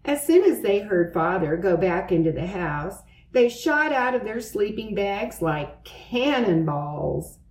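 A woman narrating a children's storybook aloud, in an expressive, lively way. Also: medium pitch, slow pace, hardly any pauses, reverberant.

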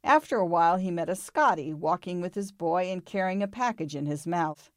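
A woman reading a children's storybook aloud in a calm, expressive way. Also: lowish voice, brisk, no echo, studio quality.

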